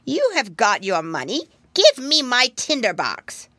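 A woman voicing a scheming old witch in a storybook reading, with a high, reedy, strained, demanding voice. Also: huge pitch swings, unhurried, a bit bright, no room sound, heavily acted. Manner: impatient and demanding.

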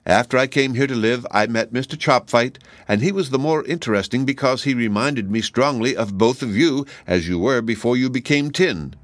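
A man's voice: mid-range voice, moderate pace, few pauses, no echo, pitched above the performer's own voice, close to an everyday voice. A man voicing a pretty young Munchkin woman who speaks in a cool, polite manner.

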